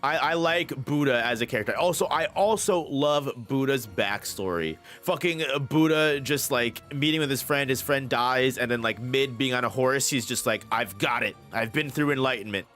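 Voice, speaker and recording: A man's voice: medium pitch, normal speed, few pauses, a bit bright. Male manga reviewer, easygoing and foul-mouthed, mid-range voice, light music underneath. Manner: rambling, profane, enthusiastic with restarts. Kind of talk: casual commentary.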